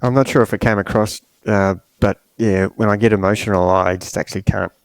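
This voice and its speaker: A middle-aged man, a coach and podcast host, talking in a halting, emotional way with many pauses and fillers. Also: fairly low pitch, fairly even intonation, no echo. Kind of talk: podcast conversation.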